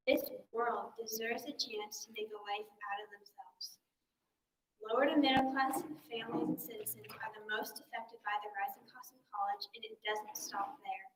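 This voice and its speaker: A woman's voice: a little high, fairly bright tone, roomy sound, recorded from a distance, a little hiss or hum, poor audio. A woman student reading a persuasive speech in an earnest, recited way. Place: classroom.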